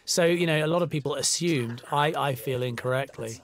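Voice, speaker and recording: A man's voice: a little high, a little fast, slight background noise. A man from the United Kingdom talking through a film commentary in a loose, conversational way with many fillers. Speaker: film director.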